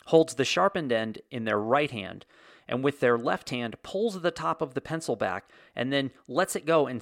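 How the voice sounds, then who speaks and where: A man's voice: mid-range voice, creaky, fairly bright tone, dry recording. Wry man telling stories, dry sound. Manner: wry, sarcastic storytelling with comic exaggeration. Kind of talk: casual solo monologue.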